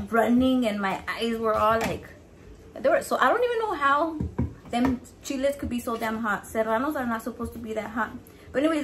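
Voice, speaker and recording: A woman's voice: on the high side, slight background noise. A woman chatting casually while she cooks, cursing freely and dropping Spanish words into her English. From Mexican heritage. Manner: profane, animated, switches into Spanish words. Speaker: home cook vlogger. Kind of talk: casual chat while cooking.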